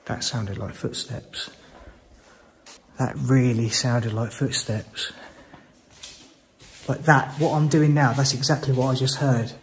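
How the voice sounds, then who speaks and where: A man's voice: mid-range voice, steady tone, unhurried, pauses often, slight background noise. A man exploring an abandoned hospital on his own, talking to his viewers in jumpy, nervous bursts and swearing whenever something startles him. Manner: jumpy, swearing, breathless exclamations when startled. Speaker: urban explorer. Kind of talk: nervous first-person exploration commentary. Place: large abandoned hospital, indoors.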